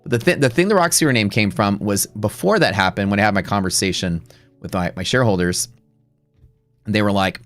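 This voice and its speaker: A man's voice: on the low side, brisk, fairly bright tone, no echo, soft background music. Profane, rambling man hosting a trading stream. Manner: blunt, profane, rambling with many restarts. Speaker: live day-trading stream host. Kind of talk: casual storytelling while trading live.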